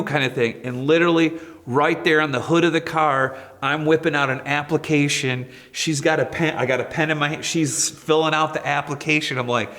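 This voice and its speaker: A man's voice: medium pitch, normal speed, in a large hall. A man, a school principal, telling stories with animation and acting out the people he quotes. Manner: lively, acts out quoted voices. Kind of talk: personal storytelling.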